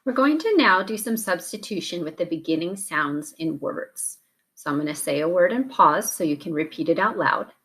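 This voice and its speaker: A woman teacher leading a phonics drill, speaking clearly and carefully with pauses between prompts. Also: lowish voice, lively intonation, fairly bright tone. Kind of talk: slow, deliberate phonics drill instruction.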